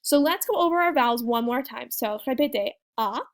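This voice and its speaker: A woman's voice: high voice, lively intonation. Upbeat woman teaching French vowels. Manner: encouraging, demonstrates sounds slowly and repeats them. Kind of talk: video language lesson.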